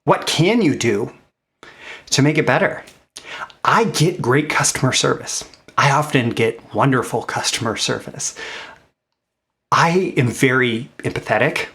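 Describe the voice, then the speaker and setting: A man, host of his own channel, giving a casual motivational talk about mindset and business, speaking conversationally with many fillers and restarts, rising in pitch on key points. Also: lively intonation, unhurried, pauses often, a bit bright. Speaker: marketing coach and host.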